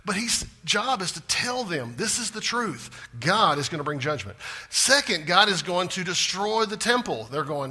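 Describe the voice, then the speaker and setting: A man preaching a sermon with big swings in pitch and loudness, sometimes dropping to a hushed voice for emphasis. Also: sing-song, measured pace, slightly rough. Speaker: pastor.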